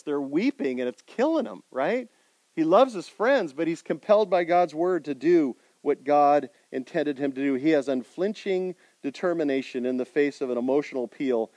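High-voiced man preaching with fire. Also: normal speed, no echo. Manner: animated preaching with rhetorical questions to the congregation; swings between loud emphasis and quiet intensity. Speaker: pastor. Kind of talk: sermon.

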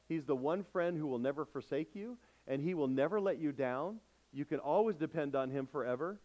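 A man's voice: on the high side, a little mellow, rough recording. A male pastor delivering a sermon, emphatic and calling out questions to his congregation.

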